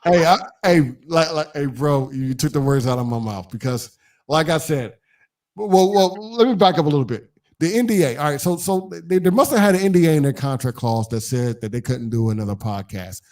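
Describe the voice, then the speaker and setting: A man's voice: a little high, lively intonation, fairly quick, darkish tone. A man hosting a podcast in casual chat, rambling with many fillers and repeated starts. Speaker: podcast host.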